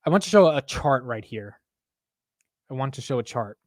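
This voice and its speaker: A man hosting a live market show, talking casually in an animated, profane, self-mocking way. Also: mid-range voice, normal speed, no room sound, studio quality. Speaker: market livestream host.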